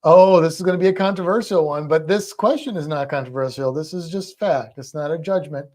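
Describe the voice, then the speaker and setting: A man co-hosting a trivia livestream, reading out questions and viewer comments in relaxed chat, laughing easily. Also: fairly high pitch, a little fast.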